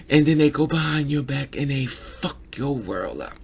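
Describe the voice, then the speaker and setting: A man's voice: on the high side, moderate pace, vocal fry, few pauses, fairly bright tone, breathy edge. A man giving an emotional opinion vlog about a documentary, repeating himself and stammering when upset. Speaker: vlogger reviewing a documentary.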